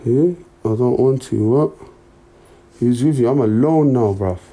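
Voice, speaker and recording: Young man, livestream chat, slangy and laid-back, mellow dark voice, phone mic. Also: mid-range voice, a little slow.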